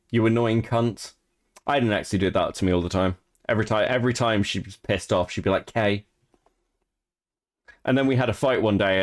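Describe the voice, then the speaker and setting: A man in his thirties co-hosting a stream, chatting casually and bluntly about online drama, swearing freely and laughing often. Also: sits low. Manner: reads messages aloud in a mocking tone. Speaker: streamer and co-host.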